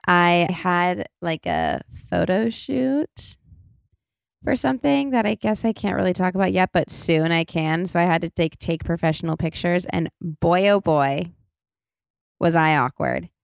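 A woman's voice: fairly low pitch, lively intonation, unhurried, vocal fry, smooth, no echo, studio quality. A young woman hosting a podcast, chatting in a rambling, self-deprecating way and swearing freely. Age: young adult. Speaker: podcast host. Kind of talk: casual chat.

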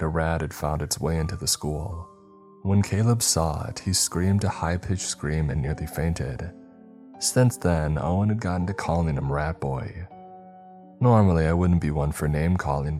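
A man narrating a scripted horror story in a measured, storytelling manner. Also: low voice, a little mellow.

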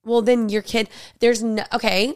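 A woman co-hosting a podcast, sassy and playful, quipping quickly and acting out quotes. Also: fairly high pitch, little pitch movement, clear, resonant tone, no echo, studio quality. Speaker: podcast co-host. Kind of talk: casual chat.

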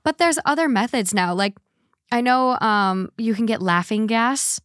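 A woman's voice: a little high, unhurried, no room sound, studio quality. Chatty woman podcast host. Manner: animated, rambling, lots of fillers. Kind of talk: casual podcast chat.

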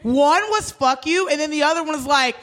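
Animated young woman telling a wild story. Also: fast talker. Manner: animated, swears freely, acts out quotes with big pitch jumps. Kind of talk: casual storytelling chat.

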